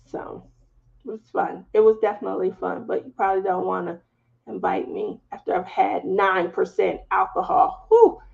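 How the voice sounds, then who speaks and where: A woman's voice: medium pitch, level tone, normal speed, gravelly. A woman with a Southern US accent hosting a craft live stream, chatting casually and telling stories with laughs in between. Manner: chatty, laughing, storytelling asides. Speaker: craft channel host. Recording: slightly dull lo-fi audio.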